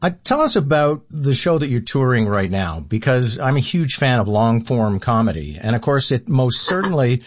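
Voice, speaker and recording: Canadian radio host, crisp and dry. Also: male voice, medium pitch, big pitch swings, no room sound. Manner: polished, brisk introductions. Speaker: interview host. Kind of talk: broadcast interview hosting. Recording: dull lo-fi dry studio sound.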